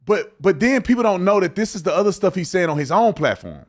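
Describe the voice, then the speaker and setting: A man's voice: sits high, expressive, brisk. A man hosting his podcast, giving casual commentary in an emphatic, colloquial way with stumbling restarts. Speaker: podcast host.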